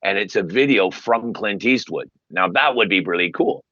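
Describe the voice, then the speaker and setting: A man, a guest on an interview show, telling stories with lively, emphatic delivery and acted-out quotes. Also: moderate pace, no echo, dull audio. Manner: animated storyteller, acts out quotes with big pitch jumps. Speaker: guest, paid sports superfan. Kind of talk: casual interview talk.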